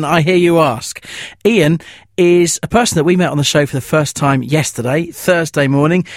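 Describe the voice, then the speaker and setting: A man's voice: fairly high pitch, dry recording, clean studio sound. A man presenting a radio podcast intro in a chatty, self-mocking way.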